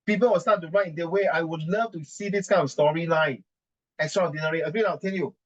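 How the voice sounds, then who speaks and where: A man with a Singaporean English accent rants with indignant emphasis, repeating his objections. His voice sits somewhat high for a man. The recording is dull and lo-fi. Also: fast. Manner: indignant, emphatic, mixes in Mandarin and Singlish. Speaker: adult giving writing advice. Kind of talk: ranting conversation.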